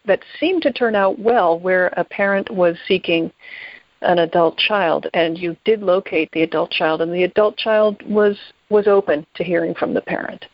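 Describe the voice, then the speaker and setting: A woman hosting an interview, asking careful, attentive questions at a measured pace. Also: lowish voice, no echo. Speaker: interview host. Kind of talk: podcast interview. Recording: dry dull lo-fi audio.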